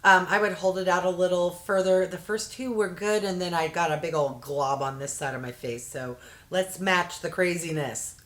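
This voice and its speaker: A woman's voice: fairly low pitch, normal speed, a bit bright. A middle-aged woman chatting casually as she unboxes beauty products, easily delighted and making jokey asides. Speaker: unboxing vlogger.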